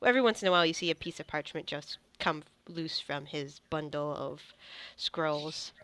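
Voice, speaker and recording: A woman running a tabletop game as game master, narrating casually and excitedly, often laughing. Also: deep voice, normal speed, slight background noise.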